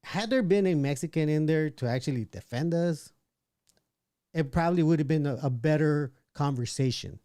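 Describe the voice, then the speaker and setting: Guy running a live stream show, reads the chat, kinda high voice, warm and smooth, says what he thinks. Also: normal speed, no room sound, clean studio sound. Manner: opinionated, reads chat aloud, frequent restarts. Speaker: livestream podcast host. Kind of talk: casual livestream commentary reading chat.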